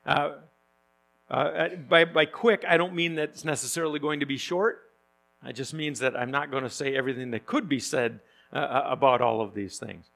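Brief: man preaching, folksy and joking, halting with fillers, fry in the voice. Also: a little high, a bit bright. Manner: conversational and joking, with frequent fillers and restarts. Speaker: pastor. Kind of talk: sermon.

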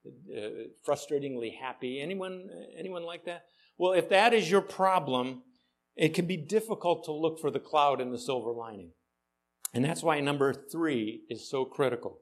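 A male pastor preaching a sermon with dry, ironic humor, often questioning the congregation. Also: fairly high pitch.

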